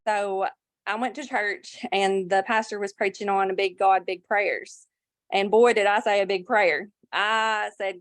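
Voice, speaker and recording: A woman's voice: medium pitch, fairly even intonation, unhurried, no echo. Earnest woman telling her story, close to tears. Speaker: guest sharing a testimonial.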